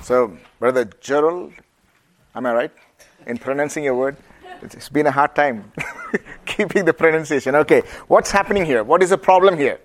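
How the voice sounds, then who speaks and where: A preacher with an Indian accent teaches the Bible to a group, keeping it lively and engaging by putting questions to them. His voice sits on the high side and moves at a normal speed.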